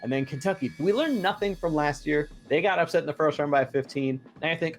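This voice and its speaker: A man's voice: fairly high pitch, faint music behind. A man co-hosting a bracket pool recap, joking around in casual sports banter. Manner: animated, jokey, quick asides.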